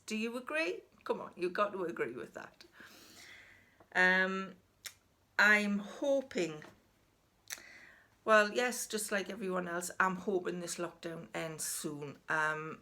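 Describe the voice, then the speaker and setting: A woman's voice: medium pitch, normal speed, sharp tone. A Geordie woman in her sixties, chatting casually and frankly to camera in a rambling, self-deprecating way. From North East England. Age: 60s. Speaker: vlogger.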